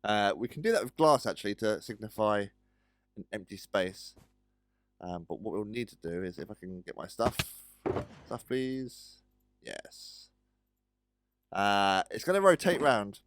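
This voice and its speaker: A low-voiced man chats his way through a building game, with frequent ums and asides to his pets. The sound is dry and close, with no room around it. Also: big pitch swings, normal speed, a bit bright, no room sound, faint music behind. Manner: chatty, talks to pets, hesitant with many ums. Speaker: gaming video host. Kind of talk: casual game commentary.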